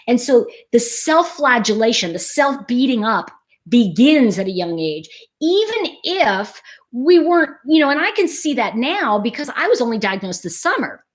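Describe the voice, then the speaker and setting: A woman talks in a casual, explanatory way, with a fairly high voice that swoops up and down. She keeps the talk animated by acting out everyday scenarios as she explains them. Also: moderate pace. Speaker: host.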